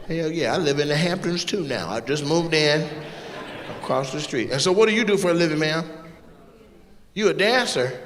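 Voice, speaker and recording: A man doing stand-up crowd work on a club stage, teasing audience members in a loud, playful way, laughing often. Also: on the high side, lively intonation, moderate pace. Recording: live club audio with audience noise.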